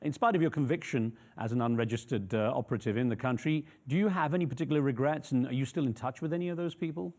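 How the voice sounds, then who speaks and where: Fast-talking male news interviewer. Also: mid-range voice, darkish tone. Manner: measured, probing questions with fillers.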